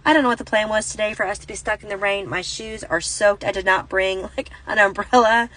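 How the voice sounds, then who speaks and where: A woman's voice: mid-range voice, steady tone, fairly quick, fairly bright tone, poor audio. A woman in her thirties telling a rambling, self-correcting story in a casual vlog, recorded on a phone inside a parked car. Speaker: Christian vlogger.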